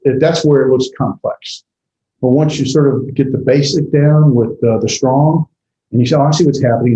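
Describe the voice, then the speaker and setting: A man's voice: medium pitch, warm tone, dull audio, a little hiss or hum. Tired man lecturing in an echoey room. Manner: rambling, many fillers and restarts. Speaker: instructor. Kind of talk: classroom lecture.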